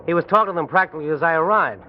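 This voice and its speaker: A man's voice: a little high, rapid-fire, slight background noise, close to an everyday voice. An actor playing a nervous, scheming young man who protests defensively, in 1940s radio acting. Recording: dull 1940s radio recording.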